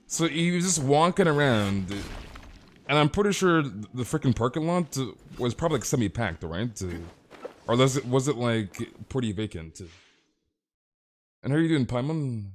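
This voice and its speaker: A man's voice: medium pitch, sing-song, normal speed, a little hiss or hum. A young man streaming a game and chatting casually with viewers, rambling and tossing in "dude" and amused exclamations. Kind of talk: casual live-stream chat.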